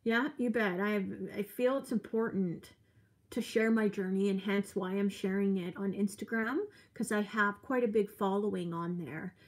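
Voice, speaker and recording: A woman's voice: medium pitch, steady tone, moderate pace. A woman in her forties chatting earnestly on a live stream, a little tired, reading out viewer comments as she talks. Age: 40s. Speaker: vlogger. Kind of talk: casual live-stream chat.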